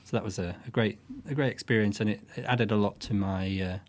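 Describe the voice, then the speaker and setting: A man with a fairly low voice, talking through his music in a relaxed interview. He speaks thoughtfully, circling back and restarting phrases as he explains. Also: fast talker. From northwest England. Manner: thoughtful, with frequent restarts and soft fillers. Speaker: guest musician. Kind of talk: casual interview.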